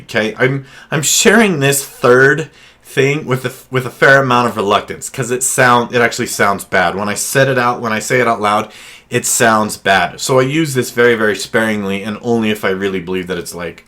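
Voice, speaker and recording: A man's voice: mid-range voice, bright, forceful tone. A counselor, a man, giving casual advice on handling difficult people, with many fillers and restarts.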